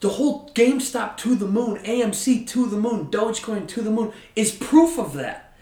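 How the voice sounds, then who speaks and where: A man's voice: sits high, expressive, normal speed, warm tone, far from the mic. A man hosting a casual podcast chat, ranting with heavy swearing. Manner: profane, ranting, heated. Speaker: podcast host. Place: room with a friend. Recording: echoey room, off mic.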